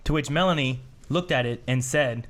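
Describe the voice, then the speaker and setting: A man's voice: medium pitch, normal speed, a bit bright. A man co-hosting a podcast, telling an anecdote in casual chat and acting out what was said in a lifted voice. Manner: storytelling, quotes others in raised voice. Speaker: podcast co-host.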